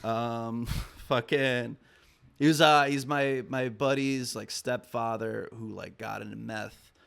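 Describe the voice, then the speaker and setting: A man's voice: medium pitch, fairly even intonation, takes it slowly, gravelly, a bit bright, smooth. A man as a podcast guest, telling a long story casually with lots of swearing and fillers. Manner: rambling, profane, heavy on "I'm like" and fillers.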